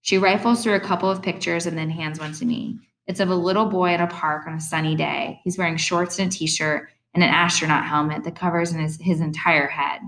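Low-voiced woman narrating an audiobook. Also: fairly quick, gravelly, hardly any pauses. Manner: expressive, reflective storytelling. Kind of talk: first-person audiobook narration.

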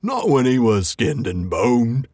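A man reading aloud and voicing William, a slow, menacing male troll with a rough voice that sounds unlike his own. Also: medium pitch, big pitch swings, a little mellow, no room sound, clean studio sound, heavily acted. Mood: gloating.

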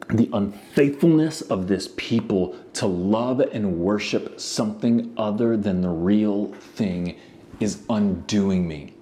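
A preacher voicing God as a grave, merciful male figure, speaking slowly and solemnly. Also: on the low side, dark tone, slight background noise.

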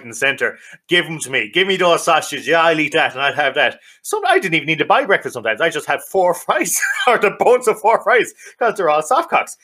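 A man's voice: mid-range voice, sharp tone. A boisterous Irish man co-hosting a podcast, swearing and laughing often in casual banter. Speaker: podcast co-host.

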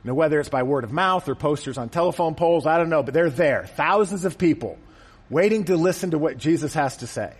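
A man's voice: a little high, lively intonation, quick pace, slightly rough, in a large hall. A man preaching a conversational, joking sermon to a congregation in a church. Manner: conversational and joking, acts out quotes. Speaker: pastor. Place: church auditorium.

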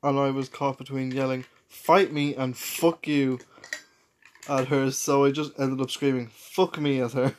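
A man's voice: medium pitch, flat delivery, measured pace, a little hiss or hum. A man, co-hosting a casual chat with wry, teasing humor. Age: 20s. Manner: wry, teasing, laughs at own stories. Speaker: podcast co-host.

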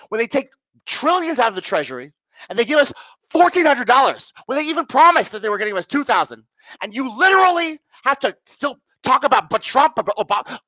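A woman's voice: on the high side, bright, forceful tone, no room sound. A woman rants to her viewers, sarcastic and profane, her voice swinging up and down with exasperation. The sound is dry and close, with no room around it. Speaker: political commentator. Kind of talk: angry political rant to viewers.

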